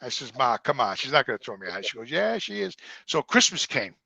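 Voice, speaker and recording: A middle-aged man with a New Jersey accent, telling profane, animated stories in a casual interview and acting out the dialogue. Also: medium pitch, a little fast, creaky, a crowd in the background. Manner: profane, animated storyteller who acts out quoted dialogue. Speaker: guest.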